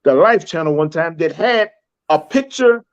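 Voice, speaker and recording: Man, high voice, rambling and halting, muffled lo-fi sound. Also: animated, clear, resonant tone. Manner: rambling, many fillers and restarts, laughs often. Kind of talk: casual podcast talk.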